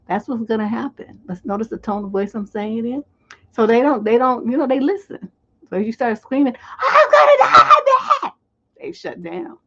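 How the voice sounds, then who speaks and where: A woman's voice: fairly low pitch, a little mellow, husky, dull audio. A woman relationship coach, talking bluntly and with profanity on a livestream. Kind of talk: livestream advice talk.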